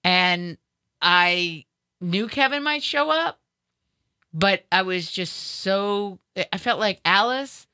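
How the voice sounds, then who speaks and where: A woman's voice: mid-range voice, animated, takes it slowly, pushed and bright, clear, resonant tone, dry recording. Effusive Boston-accented woman radio host. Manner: effusive, stammering repeats. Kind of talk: casual chat.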